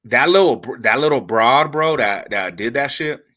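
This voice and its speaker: A man hosting a podcast, telling stories in animated, slangy casual chat and laughing as he goes. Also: mid-range voice, moderate pace. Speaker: podcast host.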